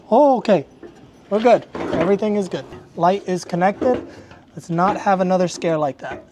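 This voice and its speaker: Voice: mid-range voice, noisy background. Upbeat car vlog host. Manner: upbeat, excitable, jokey. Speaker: channel host. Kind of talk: car build vlog narration.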